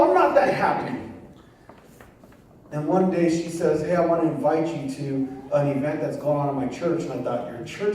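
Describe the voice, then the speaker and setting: Telling his testimony from a church sanctuary, a guest pastor speaks in a highish, darkish voice, using acted voices and bits of street slang. A far mic picks up the echoey room, faint ambience and slight background noise.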